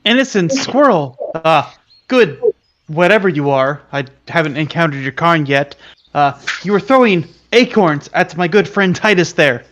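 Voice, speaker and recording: A man's voice: on the high side, expressive, moderate pace, a bit bright. A man playing a tabletop game, declaring his moves and speaking in character in a confident way. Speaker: player. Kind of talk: tabletop role-play.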